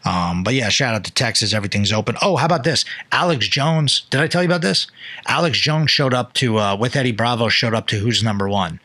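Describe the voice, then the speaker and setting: A young man casually telling a loose, profane story on a podcast, jumping into quick impressions of people. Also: mid-range voice, pushed and bright, no room sound.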